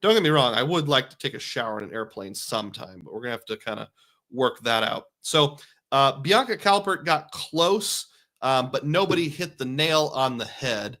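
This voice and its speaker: A man's voice: mid-range voice, animated, moderate pace, sharp tone. A middle-aged man from Iowa hosting a live stream, chatting casually and answering viewer questions in a rambling way.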